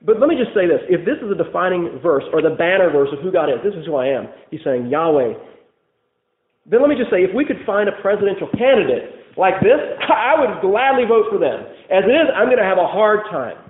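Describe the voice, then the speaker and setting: A male pastor preaching a sermon, impassioned, swinging from loud declarations to hushed lines. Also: high-pitched, sing-song, fast, few pauses. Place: church. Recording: phone-like sound in an echoey room.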